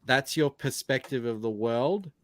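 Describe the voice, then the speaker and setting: A man's voice: mid-range voice, animated, measured pace, no room sound. Chatty Australian man, dry sound. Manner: chatty, explains with asides. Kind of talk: casual chat.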